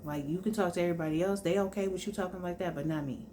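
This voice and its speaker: A young woman with a notably low voice talks to her viewers in a loose, chatty sit-down vlog. She tells stories informally and keeps turning back to the audience. A faint hiss sits under her voice. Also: very fast, dark tone. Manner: chatty, informal storytelling, addresses viewers as y'all. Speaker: vlogger. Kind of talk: casual sit-down chat.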